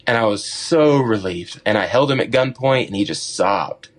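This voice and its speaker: Middle-aged male podcast guest, low-pitched, easygoing, animated storyteller. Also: moderate pace. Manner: animated storyteller, acts out his own quotes. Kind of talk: casual storytelling.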